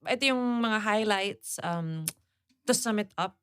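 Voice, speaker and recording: A woman's voice: mid-range voice, measured pace, smooth, dry recording. A woman with a Filipino accent co-hosting a podcast in casual chat, mixing English and Tagalog with giggly asides. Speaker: podcast co-host. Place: podcast studio.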